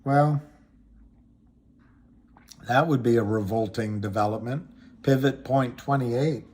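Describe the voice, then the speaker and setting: A man hosting a casual livestream, chatting slowly and rambling while reading viewer comments aloud. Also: medium pitch, a little mellow. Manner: slow, rambling, reads chat comments aloud. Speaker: livestream host. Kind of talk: casual livestream chat about stocks.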